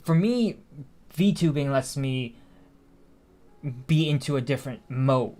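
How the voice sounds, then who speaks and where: A man's voice: medium pitch, expressive, a little slow, a little mellow. A man streaming a video game, chatting casually and thinking aloud with frequent restarts and fillers. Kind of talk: casual live-stream chat while gaming.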